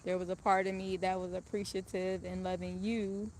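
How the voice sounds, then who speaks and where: A woman's voice: lowish voice, flat delivery, moderate pace, a little mellow, slight background noise. A woman casually telling a personal story in a candid, profane, rambling way.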